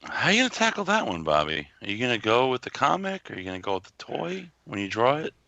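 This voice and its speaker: A man's voice: medium pitch, wildly swooping pitch, quick pace, gravelly, pushed and bright. A man on a casual group podcast, teasing and joking with his co-hosts. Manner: teasing, jokey.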